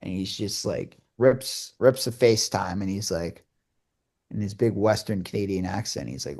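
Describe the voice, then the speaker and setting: A man's voice: fairly low pitch, moderate pace, vocal fry, darkish tone. A young man co-hosting a podcast and telling a casual story, rambling with many fillers and restarts and acting out the dialogue. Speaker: podcast co-host and hockey broadcaster.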